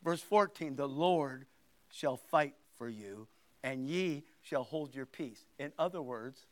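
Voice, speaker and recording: A man preaching a sermon and reading scripture aloud, emphatic, swinging between loud outbursts and hushed asides. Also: medium pitch, animated, slow pace, dry recording.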